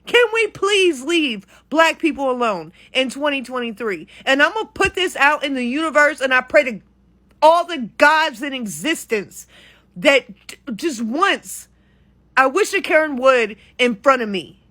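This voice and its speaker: High, bright-voiced woman ranting heatedly. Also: lively intonation, measured pace. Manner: profane, exasperated, heated. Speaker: content creator. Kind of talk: ranting reaction commentary.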